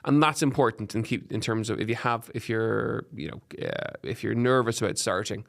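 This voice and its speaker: A man with an Irish accent hosting a podcast, giving fitness advice in an energetic, encouraging way and listing examples in quick runs. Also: on the low side, vocal fry. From Ireland. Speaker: podcast host and fitness coach. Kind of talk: solo podcast advice talk. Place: podcast studio.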